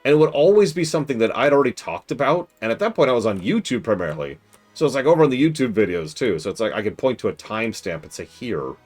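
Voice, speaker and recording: A man streaming a strategy game, chatting casually and animatedly, with mock-exasperated outbursts and quiet mutters to himself while he plays. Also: mid-range voice, animated, fast talker, soft background music.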